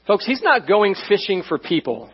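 A man preaching a sermon as pastor, animated and conversational, often checking in with his listeners. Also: high voice, normal speed, husky, dull audio.

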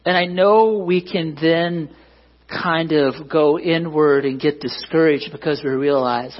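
A man's voice: on the high side, fairly even intonation, unhurried, highs cut off. A man preaching a conversational sermon as pastor, often asking the congregation to agree. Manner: conversational, self-deprecating, asks the congregation for agreement. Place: church.

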